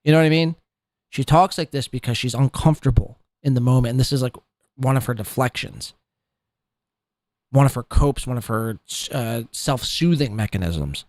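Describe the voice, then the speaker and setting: A man's voice: mid-range voice, normal speed, darkish tone, no echo. A man hosting a podcast who rants in a profane, scornful, rambling way about people he covers. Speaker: podcast host. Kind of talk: ranting commentary.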